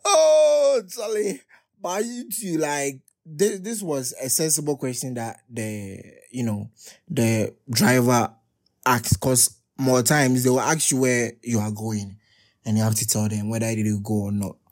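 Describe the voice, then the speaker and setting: A young man hosting a podcast, reading text messages aloud in casual commentary and often breaking into loud, high laughter. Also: a little slow. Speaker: podcast host.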